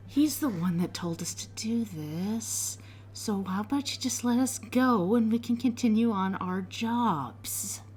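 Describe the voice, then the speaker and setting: A woman's voice: low voice, slow, pauses often, fairly bright tone. A woman voicing a cornered male hunter who whispers and bargains to be let go. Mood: hushed defiant.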